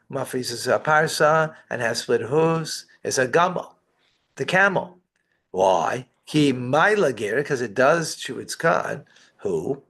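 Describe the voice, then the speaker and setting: A man's voice: medium pitch, a bit bright. A man teaching a line-by-line text study, reading each phrase and explaining it with rhetorical questions. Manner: reads Hebrew phrases then explains in English, with asides and rhetorical questions. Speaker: rabbi teaching Torah.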